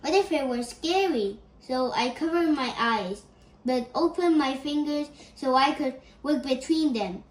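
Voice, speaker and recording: A woman reading a children's chapter book aloud in an expressive, gentle storytelling manner. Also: high voice, unhurried. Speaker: storybook reader. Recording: echoey room.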